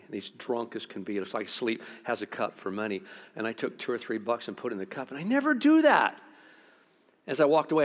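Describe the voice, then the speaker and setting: A middle-aged pastor, preaching a sermon through stories, swinging between loud outbursts and quiet, intense moments. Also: male voice, lowish voice. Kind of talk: sermon with storytelling.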